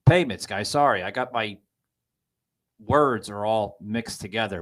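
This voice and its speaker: Halting, upset male podcast host. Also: lowish voice, fairly bright tone, poor audio. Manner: halting, many fillers and restarts, upset. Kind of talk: political podcast talk.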